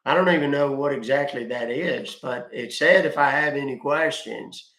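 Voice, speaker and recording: A man's voice: medium pitch, a bit bright, natural voice. Bumbling phone caller who drawls and stalls, played by a man, in a roomy, echoey space. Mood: feigned confusion. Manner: drawling, halting, many fillers. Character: slow, hesitant male caller posing as a confused customer. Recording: roomy echo.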